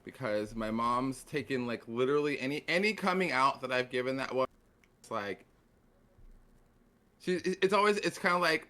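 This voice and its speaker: A man's voice: mid-range voice, lively intonation, normal speed, long pauses, bright, forceful tone. A man on a panel talking casually, rambling with lots of "like" and restarts. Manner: loose and rambling, full of "like" and restarts.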